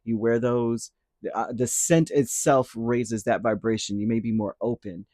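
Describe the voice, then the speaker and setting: A man's voice: mid-range voice, steady tone, moderate pace, a little mellow, no room sound. Guy doing a tarot reading, kinda rambly, fixes himself mid sentence, dry close sound. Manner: rambling, self-correcting, tags lines with "right?". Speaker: tarot reader. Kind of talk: casual spiritual reading to camera.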